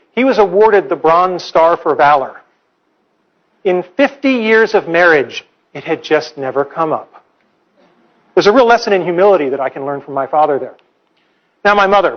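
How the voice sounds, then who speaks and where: High-voiced man lecturing with wry humor. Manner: wry, playful, earnest storytelling. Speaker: professor giving a lecture. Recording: slightly dull lecture recording.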